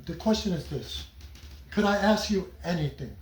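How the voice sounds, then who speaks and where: A middle-aged man with a high, bright-edged voice talks in a loose, joking, rambling way, jumping between stories. He sounds like a comedian chatting after a show. The sound carries a roomy echo from the venue. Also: lively intonation, normal speed, a little hiss or hum. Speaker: guest comedian and actor. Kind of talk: casual chat. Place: theater venue after a performance.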